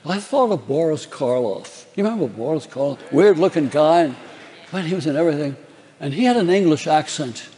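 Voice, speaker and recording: An older man tells anecdotes from a theater stage in a chatty, laughing way, acting out the people he quotes. His voice sits a little high for a man. A long reverb from the big hall trails behind every phrase. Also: animated, fairly quick, mellow. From New Orleans, Louisiana. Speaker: stage storyteller recalling his career. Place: large theater.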